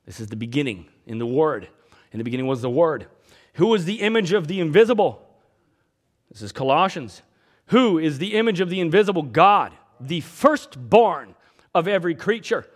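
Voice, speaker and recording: A man preaching a sermon, swinging between emphatic outbursts and quiet asides, reading out scripture. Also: medium pitch. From Scotland. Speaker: pastor.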